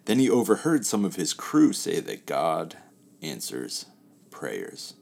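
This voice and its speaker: A man hosting a casual talk who tells a spoken parable in a relaxed, chatty way, letting his phrases trail off softly. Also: low-pitched, slow pace, gravelly.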